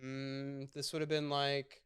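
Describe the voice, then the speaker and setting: A man in his thirties talks in a relaxed, rambling way as a guest on a casual chat show, leaning on fillers and swearing freely. His voice sits at an ordinary middle pitch, and it comes across smooth and clear. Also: slow. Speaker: chef, podcast guest.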